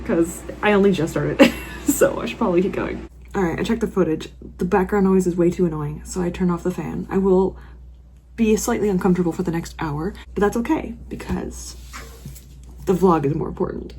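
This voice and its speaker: Woman reacting to her book on a vlog, kinda low voice, warm and soft, super excitable. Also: slight background noise. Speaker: book vlogger. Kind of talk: casual reading vlog reactions. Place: at home in a warm room.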